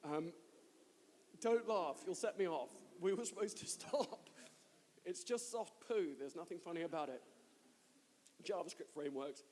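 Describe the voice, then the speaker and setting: High-voiced man, giggling conference host, hall echo. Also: animated, measured pace, long pauses, darkish tone, slight background noise. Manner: giggly, keeps breaking into laughter. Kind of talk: live stage introduction. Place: large hall with long reverb. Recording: live conference hall reverb.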